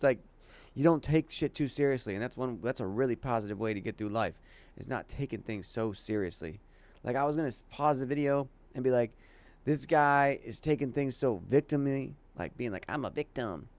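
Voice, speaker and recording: A man's voice: mid-range voice, darkish tone. A man from the southern United States giving rambling, casual reaction commentary as a streamer, swearing offhandedly.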